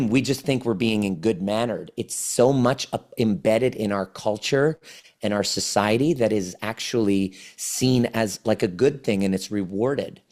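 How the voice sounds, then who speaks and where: Low-voiced man explaining earnestly. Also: a little slow, darkish tone. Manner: earnest explaining, restarts phrases often. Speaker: podcast guest, trauma healing coach. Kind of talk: conversational podcast interview.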